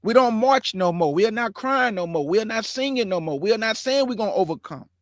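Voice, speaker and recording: A man with a notably high voice, hosting his own show, delivers commentary like a fiery preacher, hammering points through emphatic repetition. He is animated and a little fast, and the audio is close and dry without any room echo.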